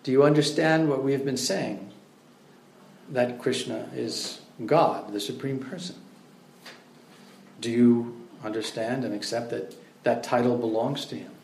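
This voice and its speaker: Man playing an elderly teacher, quiet and stern, then booming, room echo. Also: slight background noise, lightly acted. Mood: calm, stern. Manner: low quiet measured voice, bursting into loud high shouts. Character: old male spiritual teacher, calm then thundering. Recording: roomy echo.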